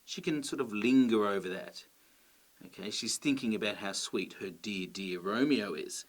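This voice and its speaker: A man teaching a grammar lesson, explaining clearly and patiently and checking in with his listeners. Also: fairly low pitch, normal speed.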